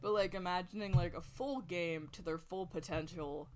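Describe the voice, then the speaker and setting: A young woman streaming while she draws, rambling excitedly in casual chat and swearing constantly. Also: lowish voice, normal speed, slight background noise. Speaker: art streamer.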